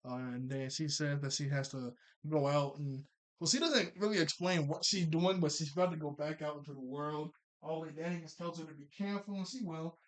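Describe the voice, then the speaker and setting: A young man talks through a cartoon episode in a loose, rambling way, full of fillers and little laughs. His voice sits a little higher than most men's. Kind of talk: casual recap and chat.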